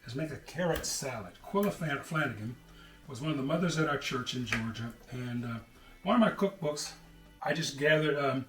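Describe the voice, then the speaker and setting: A middle-aged man chats his way through a home cooking demonstration, folksy and relaxed. His voice sits in an ordinary middle range and is picked up from a little way off the mic in a roomy kitchen with some echo. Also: mid-range voice, normal speed, distant mic, soft background music. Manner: chatty, folksy, calls people brother. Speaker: cooking show host.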